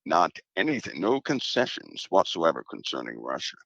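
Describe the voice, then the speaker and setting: A man with an extremely low, gravelly voice speaks as a guest, steady and emphatic. He repeats his key points for weight. The sound is dry and a little dull. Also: moderate pace, no room sound. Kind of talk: casual talk on a show.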